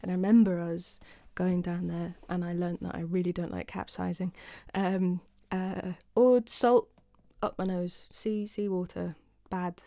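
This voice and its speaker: Unhurried, chatty young British woman streaming. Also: fairly low pitch, fairly even intonation, creaky, mellow, no echo, studio quality. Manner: chatty, rambling, self-deprecating, greets viewers by name. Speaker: singer-songwriter hosting her weekly live stream. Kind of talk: casual chat with live chat viewers. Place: home, indoors.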